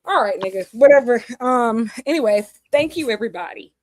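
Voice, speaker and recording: A woman's voice: a little high, lively intonation, fairly quick, no room sound. A woman in her forties co-hosting a casual chat, emotional and laughing often. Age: 40s. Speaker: podcast co-host.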